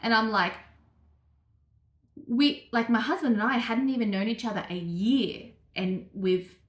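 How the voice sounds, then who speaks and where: A young woman, telling a personal story to camera in a chatty, animated way with lots of fillers. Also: on the high side, unhurried, reverberant. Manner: chatty, animated, acts out quotes, many fillers. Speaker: vlogger.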